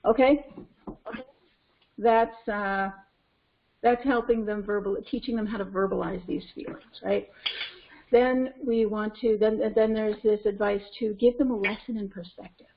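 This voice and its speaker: A woman parenting coach with a North American accent teaching a webinar in an animated way, acting out scenes. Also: mid-range voice, unhurried. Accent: North American English. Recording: lo-fi conference call audio.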